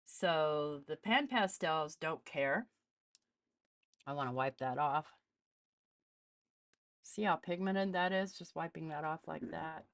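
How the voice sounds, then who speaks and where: A woman's voice: low-pitched, takes it slowly, long pauses, dry recording. A woman hosting a casual live art demonstration, chatting as she tests supplies and greets viewers. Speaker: art channel host.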